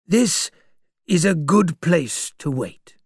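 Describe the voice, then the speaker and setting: A man voicing a slow, grave old general. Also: fairly high pitch, expressive, breathy edge, no room sound, studio quality, exaggerated voice. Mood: resigned. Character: old male general, sad and resigned.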